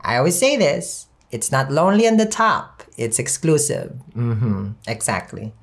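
A woman's voice: rumbling low, lively intonation, a little slow. A woman reading tarot cards in a sassy, chatty way with a non-native English accent, laughing often. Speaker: tarot reader.

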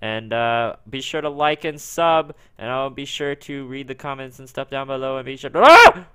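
A young man giving casual gaming commentary, talking to himself as he plays and bursting into yells when things go wrong. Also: mid-range voice, fairly even intonation, moderate pace, clear, resonant tone, no room sound. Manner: talks to himself, erupts into yelling when frustrated. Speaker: gaming YouTuber. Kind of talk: let's play commentary.

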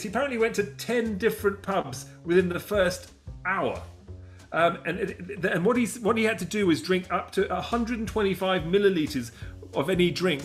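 A man's voice: high voice, a bit bright. A man co-hosting a casual show, chatting and rambling with fillers. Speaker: podcast co-host. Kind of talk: casual chat.

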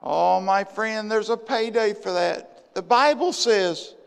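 A man, a pastor preaching a sermon with passion, swinging from loud bursts to hushed asides, in a church sanctuary. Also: high-pitched, takes it slowly, gravelly, clear, resonant tone. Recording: long church hall reverb.

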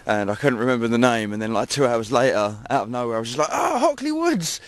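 A quick-paced, clean-toned male voice of medium pitch and fairly even intonation narrates a casual walk through dunes and woods. The English vlogger chats jokily to the camera, mocking himself along the way, in a noisy outdoor camera recording.

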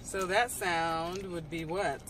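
A woman's voice: on the low side, fairly even intonation, slow pace. A woman vlogging casually with her daughter over a meal, chatty and teasing. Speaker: vlogger mother. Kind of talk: casual chat. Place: restaurant. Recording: noisy restaurant, distant phone mic.

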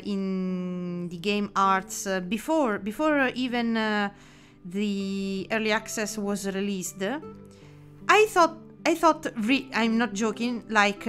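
Slow-talking excitable Italian woman streamer. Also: mid-range voice. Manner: excitable, many fillers and restarts, swears casually. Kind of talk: casual chat while drawing on a live stream.

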